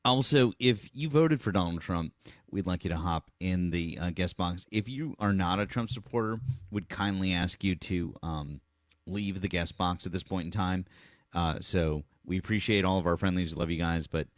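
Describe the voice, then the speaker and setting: A man with a very deep voice hosts a political live stream. He is blunt and combative and swears freely. The sound is dry and close. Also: moderate pace, no room sound.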